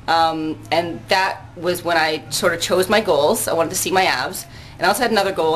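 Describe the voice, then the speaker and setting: A woman's voice: on the low side, fairly bright tone, slight background noise, poor audio. An older woman chatting casually in a fitness vlog, rambling and laughing often, a bit out of breath after a workout, recorded on a handheld camera out on her balcony. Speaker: vlogger. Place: outdoor balcony.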